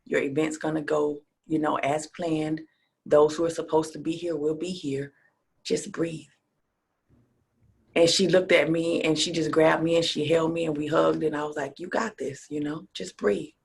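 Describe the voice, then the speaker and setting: A woman guest in an interview, telling stories and acting out quotes, her voice swinging from soft near-whispers to loud exclamations. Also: sits low, normal speed, vocal fry, breathy edge. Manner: animated storyteller who acts out quotes, dropping to a whisper and rising to near shouts. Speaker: interview guest, speaker and coach. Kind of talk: casual interview chat.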